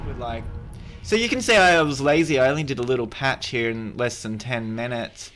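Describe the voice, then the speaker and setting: A man's voice: mid-range voice, normal speed, loud music behind the voice. Joking man narrating a game tutorial. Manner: rambling, joking, self-correcting. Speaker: gaming video creator. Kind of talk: casual game tutorial commentary.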